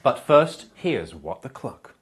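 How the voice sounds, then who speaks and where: Male comedy host, English-sounding accent, wry punchy monologue, very animated pitch. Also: takes it slowly, heavy background noise. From Australia. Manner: wry, punchy delivery with frequent laughs at own jokes.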